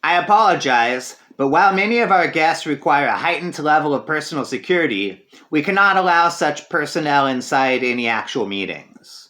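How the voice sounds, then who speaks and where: Man doing polite security guy, apologetic, animated pitch, fan audio drama. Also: moderate pace, few pauses. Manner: courteous, apologetic. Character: polite male conference security official.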